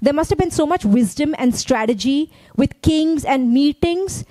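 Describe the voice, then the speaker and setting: A woman's voice: sits high, expressive, moderate pace, dark tone, dry recording, rough recording. A woman pastor from India, preaching a sermon in a conversational way and often checking in with her listeners.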